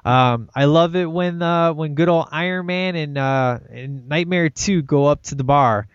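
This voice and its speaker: A man's voice: on the high side, a little slow, clear, resonant tone, no room sound. A man chatting casually about a film he loves, enthusiastic and rambling, often tacking "man" onto his sentences. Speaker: podcast co-host discussing a film. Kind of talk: casual chat. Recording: dull dry lo-fi recording.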